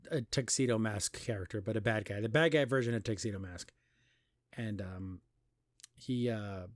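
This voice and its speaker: A man hosting a podcast, recapping and criticizing an animated pilot in casual, exasperated commentary with mocking quoted voices. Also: mid-range voice, no echo, studio quality. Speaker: podcast host reviewing an animation.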